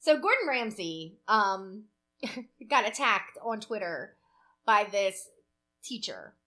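A woman's voice: mid-range voice, sing-song, slow, fairly bright tone. A woman co-hosting a podcast in casual chat, opinionated and swearing freely. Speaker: podcast co-host.

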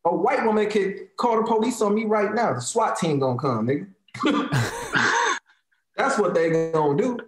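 A heated man in his thirties with an African American Vernacular English accent rants on a casual talk show, voice set high and swinging widely up and down. He swears freely and hammers his points with repetition. The room gives his voice a noticeable echo. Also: wildly swooping pitch, measured pace. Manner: heated, profane, emphatic, repeats phrases for emphasis. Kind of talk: casual opinionated rant.

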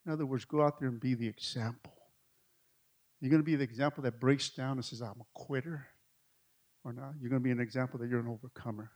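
A middle-aged male pastor, telling a story in a sermon, swinging between hushed and loud. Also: mid-range voice, steady tone, fast.

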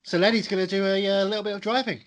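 A man's voice: sits high, steady tone, very fast. A man co-hosting a podcast, chatting casually with a dry, teasing manner. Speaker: podcast co-host.

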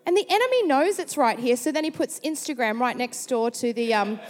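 Australian woman preacher, slightly high voice, chatty storyteller, reverberant hall. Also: a little fast, soft background music. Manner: chatty, animated storyteller who slips into quoted voices. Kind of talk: sermon with personal storytelling. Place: large church hall.

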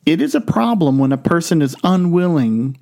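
A man preaching a sermon, reading scripture in a measured, deliberate way. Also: a little high, expressive, vocal fry, darkish tone. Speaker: pastor.

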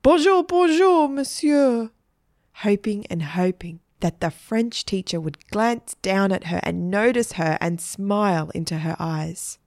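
A woman reading a children's story in a gentle, even storytelling manner. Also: on the low side, measured pace, hardly any pauses, dry recording, clean studio sound. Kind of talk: scripted children's story narration.

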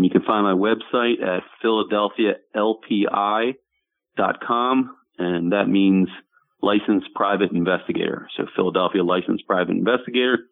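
A low, gravelly man on a tinny phone line, appearing as a radio guest. He speaks plainly and hesitantly, pausing often. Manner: plain, hesitant, full of uhs. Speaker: private investigator guest.

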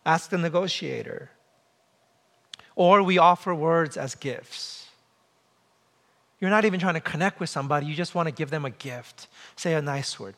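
High-voiced man preaching with humor. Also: moderate pace, long pauses, bright, forceful tone. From came to the US as a child. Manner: conversational preaching with humor and rhetorical questions. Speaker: pastor. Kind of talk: sermon.

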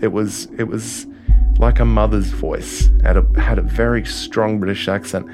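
A man with an Australian accent telling a first-person story in a halting way, often restarting his sentences. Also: fairly low pitch, steady tone. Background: music score.

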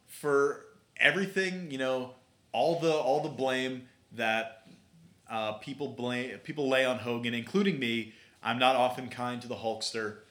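A man hosting a podcast in a casual chat, telling stories in an animated way with lots of fillers like "uh" and "you know.". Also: mid-range voice, a little slow. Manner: animated storyteller with frequent fillers. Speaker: podcast host. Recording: roomy echoey sound.

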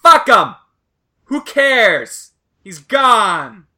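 A man doing an impression of a furious woman podcast co-host who rants and shouts. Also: high-pitched, very animated, voice pushed up, heavily acted. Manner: shouting, explosive, rapid-fire.

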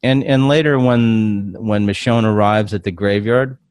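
A man's voice: on the low side, unhurried, a little mellow, clean tone, no echo. A man hosting a podcast, recapping episodes in a rambling casual way with many fillers. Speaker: podcast host. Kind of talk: casual chat.

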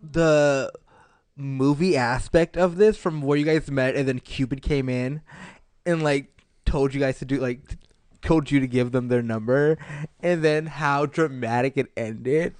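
A man hosting a casual podcast, playful and quick to react. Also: medium pitch, a little mellow, smooth, no room sound. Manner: playful, reacts with laughs and gasps. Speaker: podcast host.

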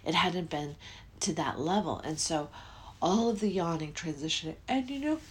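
A woman's voice: sits low, moderate pace. A middle-aged woman hosting a podcast, talking in a rambling, self-interrupting way and yawning often. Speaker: podcast host. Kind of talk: casual spiritual podcast monologue.

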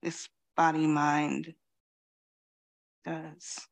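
A woman gives a dharma talk, reflective and unhurried. She is in her fifties, speaks slowly and pauses often, with many "you know"s between her thoughts. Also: deep voice, monotone, gravelly. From Queens, New York. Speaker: Zen teacher.

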